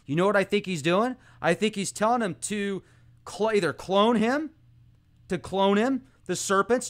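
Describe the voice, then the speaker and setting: A man hosting an informal monologue, talking animatedly and excitably, speeding up and slowing down as he goes. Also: sits high. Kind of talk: casual esoteric monologue.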